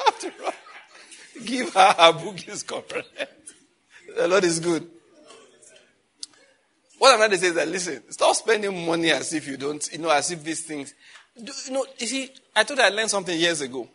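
A man's voice: a little high, lively intonation, normal speed, pauses often, bright, forceful tone, breathy edge. A man with a Nigerian accent preaching a sermon. He laughs at his own jokes and calls on the congregation to repeat his words back.

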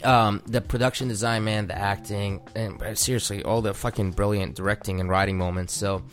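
A man's voice: lowish voice, fairly even intonation, fairly quick, soft background music. A man co-hosting a film podcast, laid-back and rambling with lots of fillers. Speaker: podcast co-host. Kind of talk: casual film review chat.

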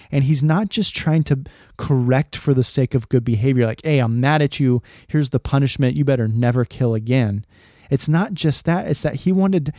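A man in his thirties hosts a casual faith podcast, speaking earnestly and conversationally with lots of "like" and restarts. His mid-range voice is warm, and the studio-quality recording has no echo.

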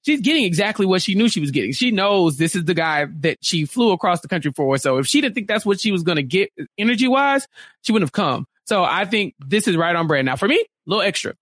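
A woman's voice: on the low side, big pitch swings, fast, no room sound, clean studio sound. A woman from Texas, co-hosting a casual chat in a chatty, playful, opinionated way. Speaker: co-host.

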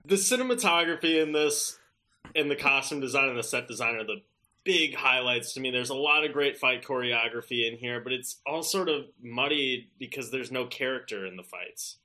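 A man's voice: medium pitch, normal speed, bright, forceful tone. A man giving an easygoing review in a casual movie chat.

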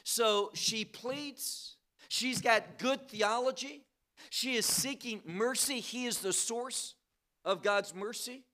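A man teaching the Bible at a conference. He speaks emphatically, asks rhetorical questions and swings between soft and loud phrases. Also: extremely high pitch, slow pace.

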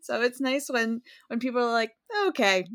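A woman's voice: a little high, normal speed, fairly bright tone, no echo, clean studio sound. A woman co-hosting a podcast in casual chat, laughing often as she talks. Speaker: podcast co-host.

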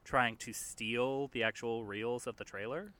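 A man's voice: medium pitch, measured pace, pushed and bright. A man hosting a movie podcast, rambling with many fillers. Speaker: podcast host. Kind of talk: casual movie podcast chat.

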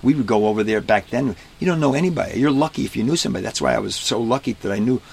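A man being interviewed about his life as a street performer, telling stories in a relaxed, casual way and acting out the people in them. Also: medium pitch, racing, gravelly, breathy edge. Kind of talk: casual storytelling. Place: inside a parked vintage bus.

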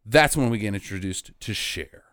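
A man's voice: lowish voice, animated, normal speed, fairly bright tone, no echo, clean studio sound. A man hosting a casual podcast, recapping a movie and ranting with heavy swearing. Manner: profane, ranting, opinionated. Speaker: podcast host.

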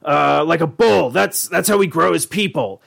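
A man's voice: a little high, expressive, normal speed, vocal fry, a bit bright, pitched above the performer's own voice, full character voice. A man voicing an erratic, reckless old mad scientist grandfather, stammering and repeating himself. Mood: lecturing. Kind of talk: impression within a casual podcast chat.

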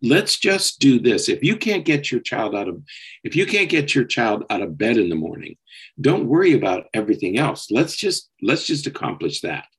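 A man co-hosting a podcast, explaining parenting advice in a steady way and often checking in with "okay?". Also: medium pitch, normal speed, husky, rough recording. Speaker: psychologist co-host. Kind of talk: casual podcast discussion.

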